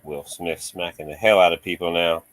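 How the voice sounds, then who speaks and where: Laid-back low-voiced man chatting. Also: steady tone, moderate pace, a bit bright, no echo. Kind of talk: casual chat.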